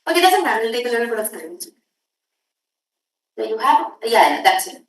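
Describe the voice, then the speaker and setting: A woman teaching a workshop, lecturing students and briskly telling them to hurry up. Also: fairly high pitch, very animated. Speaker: workshop instructor. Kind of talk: classroom lecture. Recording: echoey room audio from far off.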